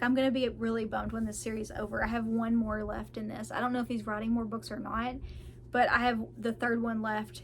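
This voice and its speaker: A woman's voice: on the high side, a little hiss or hum. A woman, a parent with kids, chatting casually and enthusiastically about books she read, laughing often. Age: adult parent of children. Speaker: book vlogger. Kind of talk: casual book review chat.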